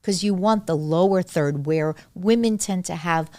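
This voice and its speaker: A middle-aged woman with a low voice talks as a doctor, stressing and repeating the points that matter. Her voice is close and dry, with no room sound. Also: measured pace, darkish tone, no room sound. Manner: emphatic, repeats key points. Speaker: gynecologist guest. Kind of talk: casual medical conversation.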